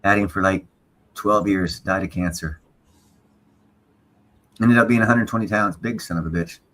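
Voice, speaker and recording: A man's voice: fairly low pitch, steady tone, normal speed, a bit bright. A man chatting on a casual livestream, blunt and opinionated, swearing freely.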